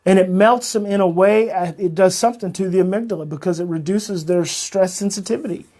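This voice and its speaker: A man hosting a heartfelt talk for parents, his voice husky with a breathy edge. He speaks with open emotion and repeats lines for weight. He often eases into a gentle, soothing tone. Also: high voice, a little fast. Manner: emotional, earnest, repeats phrases, turns soft and soothing. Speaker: parenting coach and show host.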